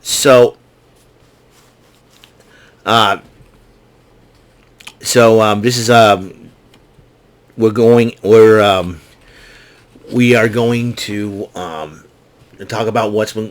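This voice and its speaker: A man recapping a wrestling show in casual unscripted talk, halting often with fillers and restarts, speaking as an enthusiastic fan. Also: on the low side.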